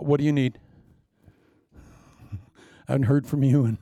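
A man preaching a sermon, telling a story with lively asides, acted-out lines and sound effects. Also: medium pitch, measured pace, long pauses, a little hiss or hum.

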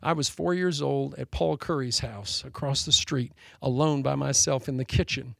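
A man preaching a sermon as pastor, telling a story with animated delivery and laughing at his own jokes. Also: medium pitch, moderate pace, gravelly, no echo, clean studio sound.

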